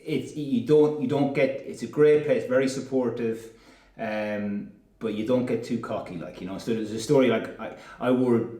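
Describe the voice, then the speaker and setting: A man's voice: medium pitch, normal speed, mellow. Rambling Irish man, roomy distant sound. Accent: Irish, Sligo. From Ireland. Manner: rambling, frequent fillers and restarts, laughs easily. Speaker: guest. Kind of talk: casual interview chat.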